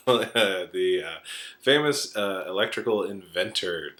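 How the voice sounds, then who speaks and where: A man hosting a podcast, giving casual film commentary in a chatty, animated way with frequent "uh"s and bursts of laughter. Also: low-pitched, slow pace. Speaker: podcast host.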